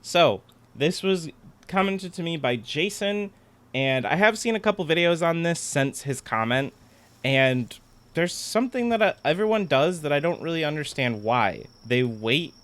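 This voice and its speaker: A man's voice: on the high side, expressive, moderate pace, a bit bright. A man giving casual gameplay commentary, chatty and explaining things step by step as he plays. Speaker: gaming content creator.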